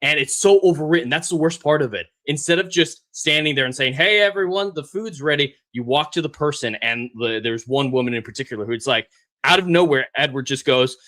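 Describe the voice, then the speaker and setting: A man's voice: medium pitch, brisk, bright, forceful tone. A man co-hosting a casual podcast chat, ranting sarcastically and mimicking characters as he tells stories. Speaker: podcast co-host.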